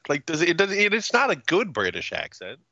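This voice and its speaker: A man co-hosting a casual podcast chat, ranting in a profane, animated way. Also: a little high, brisk, dull audio, a little hiss or hum. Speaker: podcast co-host.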